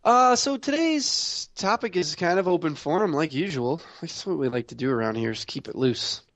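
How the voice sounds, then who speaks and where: A man's voice: a little high, normal speed, no echo. Laid-back male podcast host. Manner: relaxed, many "uh" fillers. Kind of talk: casual gaming chat.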